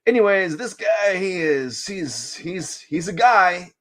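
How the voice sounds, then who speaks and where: A man's voice: high-pitched, lively intonation, takes it slowly, fairly bright tone. Rambling, joking man drawing on a live stream. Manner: rambling, joking, puts on silly voices for figures. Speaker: artist streaming a drawing session. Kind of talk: casual live-stream chatter while drawing.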